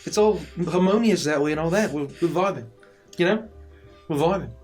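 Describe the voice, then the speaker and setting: A man's voice: fairly high pitch, a little fast, a little mellow, soft background music, natural voice. A man voicing a laid-back male goliath sailor with a drawling surfer-dude way of talking. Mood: worried.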